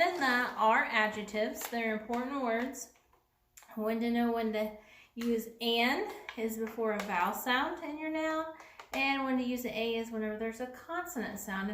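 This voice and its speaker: A woman teaching second grade, with a slightly high voice, works through each example slowly and with care. She says every sentence twice so young children can follow. The room is echoey, with a faint hiss behind her. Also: a bit bright. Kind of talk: remote classroom lesson.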